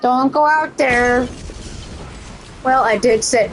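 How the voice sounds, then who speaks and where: A woman streaming a video game, swearing casually and talking to the characters, her voice cracking and squeaking. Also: takes it slowly, slight background noise. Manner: profane, excitable, talks to the game characters. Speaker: gaming streamer. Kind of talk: casual let's-play commentary.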